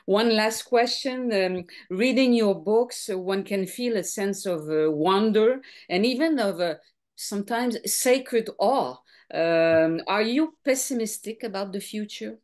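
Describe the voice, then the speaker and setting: A woman's voice: mid-range voice, a little slow, a little mellow. A woman interviewing an author, speaking hesitantly and mixing in phrases. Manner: hesitant, mixes in French phrases. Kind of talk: festival interview.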